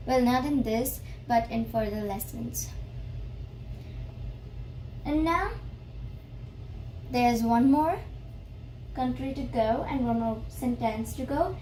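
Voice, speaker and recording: A woman teaching a beginner French lesson, explaining slowly and repeating each phrase carefully. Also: a little high, a little mellow, a little hiss or hum, poor audio.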